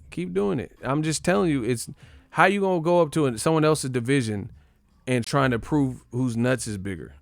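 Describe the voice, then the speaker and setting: Speaking at normal speed in a medium-pitched voice with no echo, a man hosts his own channel. His casual boxing commentary is a rant full of jokes, profanity, and trash talk.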